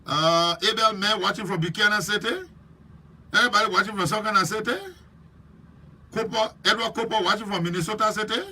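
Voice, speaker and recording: A man with a Liberian English accent hosting a live stream, chatting lively and preachy while teasing viewers by name. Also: high voice, brisk. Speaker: host.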